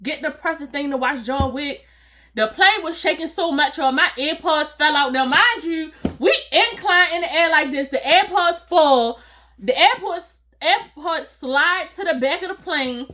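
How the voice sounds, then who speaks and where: A woman telling a casual, animated storytime to her viewers, acting out voices and laughing along. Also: high-pitched, unhurried. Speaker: storytime vlogger.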